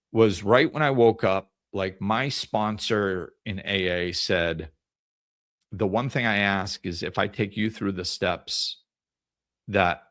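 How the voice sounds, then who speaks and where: A man's voice: fairly low pitch, fairly bright tone, no echo, studio quality. A man hosting a podcast, telling stories in a casual, conversational way about spiritual life, with frequent restarts. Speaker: podcast host.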